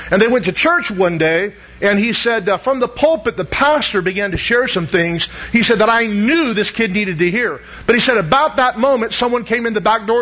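A male pastor preaching a sermon in a high, husky voice. He talks in a loose, conversational way and keeps turning to the congregation with questions. The recording sounds dull and lo-fi. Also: fairly bright tone.

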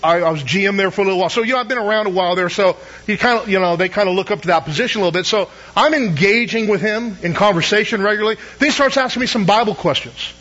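Middle-aged man, preacher, high voice, storytelling sermon, rhetorical questions, dull lo-fi sound. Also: rapid-fire, hardly any pauses, a bit bright. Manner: conversational, storytelling, asks the audience rhetorical questions.

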